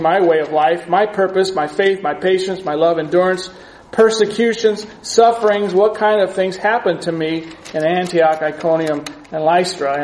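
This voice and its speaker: A man preaching a sermon in an earnest, measured teaching manner, reading scripture aloud as he goes. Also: high-pitched, darkish tone, reverberant, poor audio.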